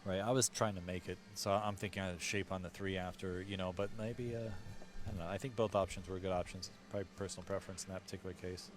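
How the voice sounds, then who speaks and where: Low-voiced easygoing pool commentator. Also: male voice, steady tone, fast, few pauses, music in the background. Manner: easygoing, laughs readily. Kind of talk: live sports commentary.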